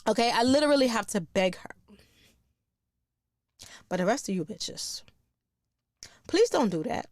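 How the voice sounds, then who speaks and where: A foul-mouthed middle-aged woman hosting a comedy podcast, her voice pitched a little high and recorded dry and close with no room sound. She talks in a blunt, profane rant and laughs at her own jokes. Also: lively intonation, measured pace, darkish tone, no room sound.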